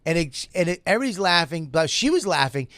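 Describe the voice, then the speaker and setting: A man's voice: on the high side, sing-song, fast, fairly bright tone, no room sound. Brash man telling a story in a dry room. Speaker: comedian and podcast guest. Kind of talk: casual podcast chat.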